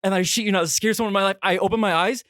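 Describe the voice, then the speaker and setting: A young man co-hosting a podcast, telling a story in a casual, animated way and acting out his own reactions. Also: very fast, no echo, studio quality. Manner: animated, re-enacts his own reactions with big pitch jumps. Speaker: podcast co-host.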